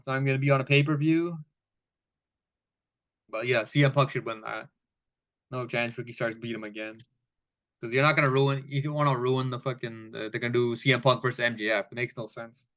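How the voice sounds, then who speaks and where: A man's voice: mid-range voice, steady tone, fairly quick, long pauses, a bit bright, muffled recording. Profane, rambling male wrestling reviewer. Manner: loose, rambling, profane, with laughs. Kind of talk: casual recap commentary.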